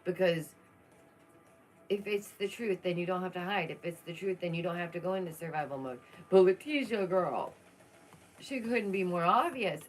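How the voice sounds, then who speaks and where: Young woman, casual commentary vlogger; outspoken, chatty, slightly low pitch. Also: expressive, moderate pace. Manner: chatty, outspoken, laughs often. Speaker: true crime commentary vlogger.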